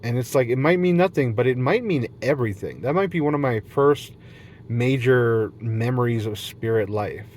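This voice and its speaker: A man's voice: medium pitch, animated, normal speed, a little mellow, slight background noise. A man rambling in a silly, free-flowing monologue, jumping between topics and laughing often, recorded outdoors in nature at night. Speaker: vlogger.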